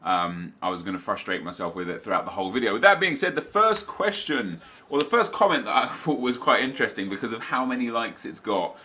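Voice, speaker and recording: A young man hosts his gaming channel, chatting casually from his home office. His voice is bright and forward, with a slightly stuffy nose. He rambles, restarts sentences and wanders into asides. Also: fairly low pitch, very animated, a little fast, few pauses. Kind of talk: casual chat to camera.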